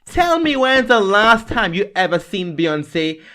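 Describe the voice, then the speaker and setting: A young adult man co-hosting a podcast, gushing in an animated, dramatic way during casual chat. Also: high voice, unhurried, clean tone. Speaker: podcast co-host.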